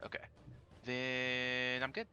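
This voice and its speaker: A man's voice: medium pitch, completely flat delivery, takes it slowly, bright, forceful tone, smooth, no room sound. A man playing a tabletop game who talks hesitantly and thinks aloud about his next move. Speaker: player.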